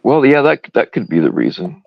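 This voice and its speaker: A man co-hosting a live stream, joking in casual banter with halting restarts. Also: medium pitch, wildly swooping pitch, creaky, no echo, dull audio.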